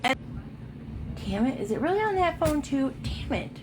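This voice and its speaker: A woman's voice: high voice, big pitch swings, normal speed, background noise. A woman chatting casually and gossiping, with many fillers and restarts. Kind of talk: casual commentary on a played recording.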